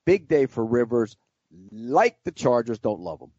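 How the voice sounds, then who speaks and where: A man's voice: medium pitch, very animated, a little slow, a little mellow, no room sound. A man on a sports betting podcast panel, giving blunt, clipped verdicts. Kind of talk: casual sports betting chat. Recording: dry, slightly muffled podcast audio.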